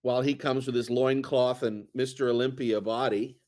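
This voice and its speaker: A man's voice: mid-range voice, steady tone, normal speed, a little mellow. A man co-hosting a casual chat, talking in a rambling way with many fillers and restarts. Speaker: co-host.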